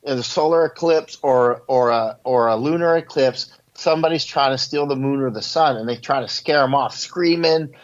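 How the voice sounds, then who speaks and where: A man's voice: mid-range voice, normal speed, hardly any pauses, highs cut off. A man telling rambling stories as an interview guest, with lots of fillers and laughing asides. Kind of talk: casual interview talk, storytelling. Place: near the southern border.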